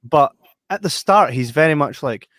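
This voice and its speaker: A man's voice: fairly high pitch, animated, normal speed, a bit bright, no echo, studio quality. A man co-hosting a podcast, chatting casually and animatedly about a film, laughing often. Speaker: podcast co-host. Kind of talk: casual interview chat.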